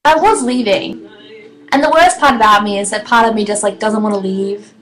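A woman in her twenties chatting casually on her live stream, excitable, giggly and rambling. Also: mid-range voice, moderate pace, poor audio. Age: 20s.

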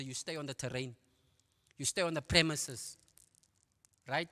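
A middle-aged South African man giving his testimony at a church men's conference, telling his story in a lively way with quick asides. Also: a little high. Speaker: guest speaker giving testimony. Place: church auditorium. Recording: long hall reverb.

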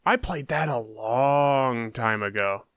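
A man giving excitable commentary on a horror game, yelping and shouting at scares. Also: mid-range voice, slow pace, soft background music. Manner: jumpy, yelps and shouts at scares. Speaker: let's play host.

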